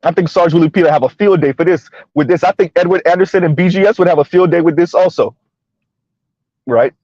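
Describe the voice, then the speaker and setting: A chatty man with a somewhat high voice rambles through casual commentary from inside his car, laughing often and checking in with "right?". The sound is dry and close, with a dull, muffled lo-fi quality. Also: quick pace, a little mellow, no echo. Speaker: commentary channel host. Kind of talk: casual commentary while driving.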